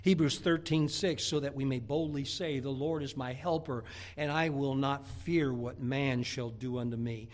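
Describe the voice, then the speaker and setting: A man's voice: medium pitch, steady tone, normal speed. A man preaching a sermon, telling homely stories with humor, repeating words as he builds to emphatic, rising points. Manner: folksy, humorous storytelling with rising emphatic bursts. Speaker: pastor.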